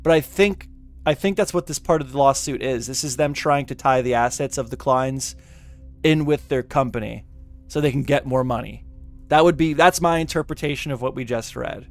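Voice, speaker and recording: A man's voice: medium pitch, normal speed. A man giving casual reaction commentary, reading out legal text with exasperation, stumbling and swearing. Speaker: commentary YouTuber. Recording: music playing behind the voice.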